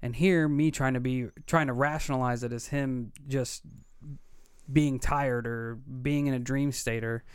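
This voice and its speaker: A man in his thirties with a smooth, clean voice, telling a story in an earnest, animated way and playing out the dialogue. His voice sits in a middle range and sounds dry and close, with no room around it. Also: medium pitch, measured pace, no echo. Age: 30s. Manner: earnest, vivid retelling with quoted dialogue. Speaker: podcast co-host. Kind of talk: casual storytelling.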